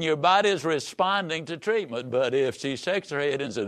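Animated, emphatic motivational speaker, a man. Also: sits high, normal speed, few pauses. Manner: emphatic, preacher-like, sweeping rises and drops. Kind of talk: motivational speech.

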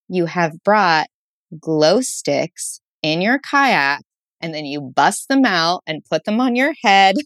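A woman's voice: lowish voice, a bit bright, no room sound. A woman guest author on a casual interview show, talking enthusiastically with playful asides and frequent laughter. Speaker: guest author recommending date spots.

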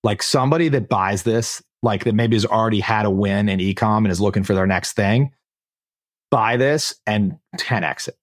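Husky-voiced man, enthusiastic podcast host. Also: on the low side, normal speed, no room sound, studio quality. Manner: enthusiastic, blunt. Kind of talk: casual chat.

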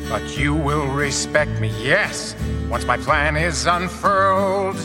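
A man's voice: fairly high pitch, slow. A man voicing a smug, scheming male lab mouse who puts on a folksy drawl and sings a country ditty. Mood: singing. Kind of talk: cartoon song performance. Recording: loud country guitar music behind.

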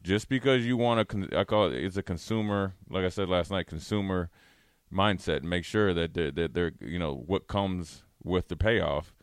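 A man hosting a casual sports talk show, talking at length in a relaxed way with many fillers and restarts. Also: deep voice, normal speed, clean tone, dry recording, studio quality.

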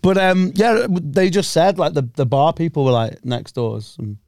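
A man's voice: a little high, normal speed, gravelly, a little mellow, no room sound, clean studio sound. A young man co-hosting a casual podcast, joking, swearing and laughing often. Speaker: podcast co-host. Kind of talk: casual banter.

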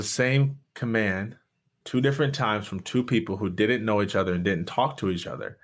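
A young man from Michigan, a pastor, telling his story as a podcast guest in an earnest, animated way with frequent restarts. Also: fairly low pitch, moderate pace. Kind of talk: candid storytelling and conversation.

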